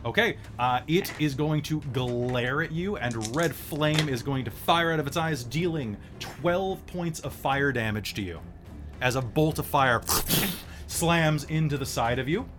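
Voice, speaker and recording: A man's voice: a little high, measured pace, music in the background. A man narrating a tabletop game as game master, chatty and full of fillers and self-corrections.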